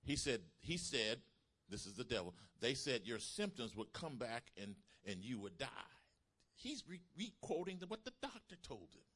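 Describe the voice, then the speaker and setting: A male preacher delivering a sermon in a bright, forceful voice. He drives his points home with emphatic calls to the congregation, his voice sitting at a middling pitch for a man. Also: sing-song, normal speed.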